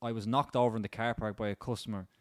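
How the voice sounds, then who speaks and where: A man's voice: on the low side, fairly even intonation, fast talker, no echo, clean studio sound. A man in his thirties with an Irish accent, co-hosting a podcast, reading listener stories with easygoing quips. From Ireland. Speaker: podcast co-host. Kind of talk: casual chat.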